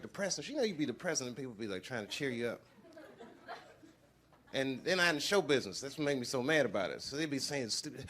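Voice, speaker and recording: A man doing profane stand-up comedy on a live stage, animated and acting out the voices of people he quotes. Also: fairly high pitch. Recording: loud crowd laughter over noisy live sound.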